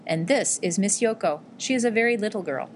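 A woman's voice: mid-range voice, brisk, slight background noise, lightly acted. A woman reading as a courteous pleading army doctor. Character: kindly male army doctor, polite and pleading.

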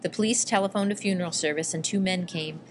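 A woman narrating a first-person memoir in a measured, quietly emotional reading. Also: on the low side, a little hiss or hum. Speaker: audiobook reader.

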